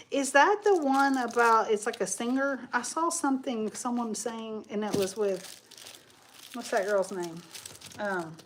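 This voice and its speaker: A woman's voice: a little high, slight background noise. A woman hosting a live crafting stream, chatting casually in a rambling way and reading viewer comments aloud as she works. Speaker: craft livestream host.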